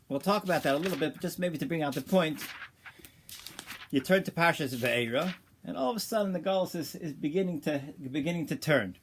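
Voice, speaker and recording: Halting, animated man teaching Torah. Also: a little high, a little hiss or hum. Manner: casual, halting, many restarts and fillers, animated when building a point; peppers speech with Hebrew and Yiddish terms. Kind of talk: informal Torah class storytelling.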